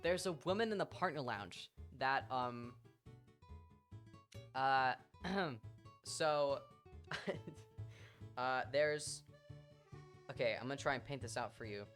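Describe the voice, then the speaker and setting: A streamer with an English accent telling a story to their chat in a casual, animated way, swearing freely and acting out what people said. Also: medium pitch, takes it slowly, pauses often, faint music behind. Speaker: livestreamer.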